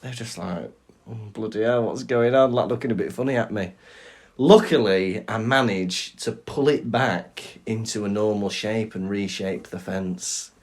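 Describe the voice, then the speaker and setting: A man's voice: lowish voice, a little slow. A young man co-hosting a podcast, joking in casual chat and recapping a book chapter. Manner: wry, jokey banter. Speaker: podcast co-host.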